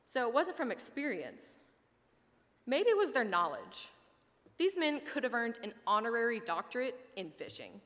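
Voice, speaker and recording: A woman preaching a sermon, telling a story and voicing the fishermen with lively asides. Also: fairly high pitch, normal speed, in a large hall.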